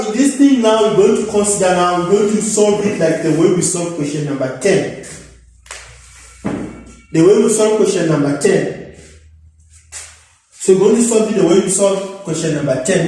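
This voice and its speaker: A man's voice: high voice, normal speed, mellow. A man working through an electronics problem in a casual lesson, thinking aloud, repeating himself and calling viewers guys. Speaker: electrical engineering tutor. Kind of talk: informal problem-solving lesson. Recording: echoey room, mic at a distance.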